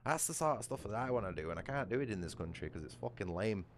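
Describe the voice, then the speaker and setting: A man's voice: on the low side, animated, quick pace, slight background noise. A British man chatting casually on a livestream, ranting with heavy swearing. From United Kingdom. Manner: profane, ranting.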